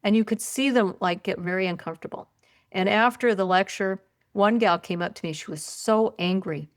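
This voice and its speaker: An older woman, a podcast guest, telling stories in a lively, conversational way and often raising her voice when she quotes herself. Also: medium pitch, normal speed. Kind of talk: conversational storytelling.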